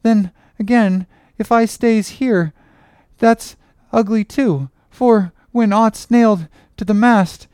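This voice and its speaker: A woman's voice: mid-range voice, darkish tone, clean tone, dry recording, studio quality, close to an everyday voice. A woman doing a crazed chanting cabin boy. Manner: chanting, rambling, sing-song. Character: crazed young black cabin boy, singsong and wandering. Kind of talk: audiobook character reading.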